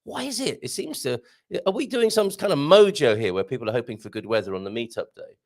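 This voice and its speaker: A man from the British Isles hosts a live show from a small studio. He reads out listener messages and wanders off into jokey asides. His gravelly voice rises and falls a lot. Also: mid-range voice, expressive, quick pace, a little mellow. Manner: chatty, rambling, jokey asides. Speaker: radio show host.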